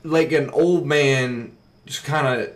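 A man's voice: mid-range voice, takes it slowly. A man in casual chat, arguing back and defending someone else's behavior. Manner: argumentative, pushes back, defends others.

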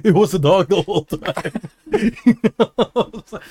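A man with a high-pitched voice rambles through stories in loose, profane podcast banter and laughs often. The sound is dry and close. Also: normal speed, darkish tone, husky, no echo. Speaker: podcast co-host. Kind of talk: casual banter.

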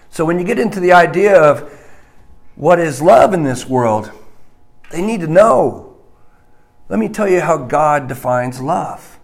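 A man preaching a sermon slowly and emphatically, dropping to a hushed voice on key points. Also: fairly high pitch, lively intonation, creaky.

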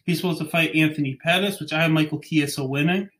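A young man with a slightly high voice rants casually on his podcast. He rambles, restarts sentences and stumbles over names as he goes. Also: quick pace, a bit bright. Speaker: podcast host. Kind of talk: casual chat.

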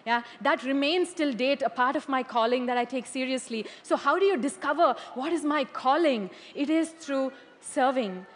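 A woman's voice: sits high, normal speed, hardly any pauses, slight background noise. Woman preaching in a reverberant hall. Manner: animated, laughs often, checks in with "okay?". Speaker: church leader. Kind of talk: sermon.

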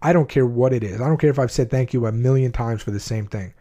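An adult man, at least in his twenties, tells viewers his own life story with blunt, emotional candor, often restarting sentences. His mid-range voice is warm and quick, with hardly any pauses, though the audio sounds dull.

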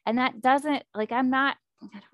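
A woman in casual chat, excitedly recapping a book plot and acting out the characters' lines. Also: high voice, moderate pace, no room sound, clean studio sound. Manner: animated, acts out character quotes, fillers like 'like' and 'um'.

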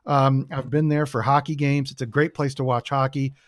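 A man's voice: medium pitch, flat delivery, moderate pace, no room sound, studio quality. A man from the United States chatting casually as a podcast guest, telling rambling, enthusiastic stories with lots of fillers.

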